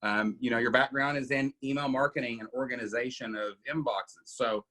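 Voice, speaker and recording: A man's voice: medium pitch, steady tone, brisk, bright, forceful tone. A middle-aged man hosting a casual coaching Q&A, emphatic and often asking "right?". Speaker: podcast host coaching members.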